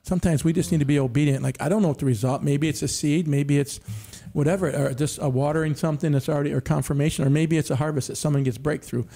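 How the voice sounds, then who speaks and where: A man's voice: on the high side, fairly even intonation, fast talker, few pauses, mellow. A middle-aged man telling faith stories in a casual church panel discussion, often saying amen. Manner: storytelling, frequent amens.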